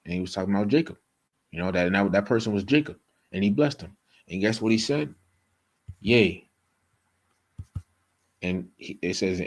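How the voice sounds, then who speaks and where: At a normal speed broken by long pauses, the man speaks in a lowish voice while reading scripture aloud in his informal bible study. He checks in often with "okay?" and "you know," and the recording is rough.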